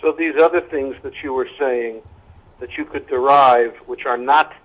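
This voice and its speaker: A man's voice: medium pitch, moderate pace. A man in a class checking his understanding of the teacher's point. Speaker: student. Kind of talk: question in class. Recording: dull, heard from across the room.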